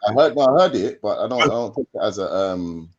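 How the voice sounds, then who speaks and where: A man joining a livestream call, giving hesitant, measured opinions. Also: lowish voice, lively intonation, muffled recording, a crowd in the background. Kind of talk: casual livestream banter.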